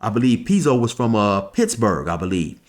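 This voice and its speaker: A man's voice: lowish voice, very animated, moderate pace. Man telling a story casually. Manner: conversational, loose, with fillers and asides.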